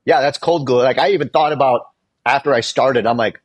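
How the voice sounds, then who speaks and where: A man's voice: mid-range voice, a little fast. A man, a guest on a video-call show, telling shop stories in casual talk and acting out the people he quotes. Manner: storyteller who acts out quoted people. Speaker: guest, dent repair technician.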